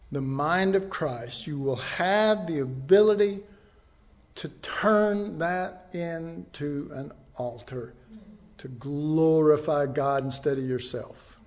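A man's voice: fairly high pitch, highs cut off. A man teaching a sermon in a conversational way, with asides and rhetorical questions to his congregation. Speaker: pastor.

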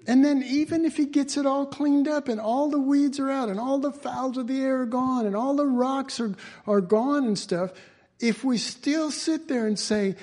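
A man's voice: very high-pitched, moderate pace, darkish tone. A man giving an informal Bible teaching in a folksy way, chuckling often and restarting his phrases.

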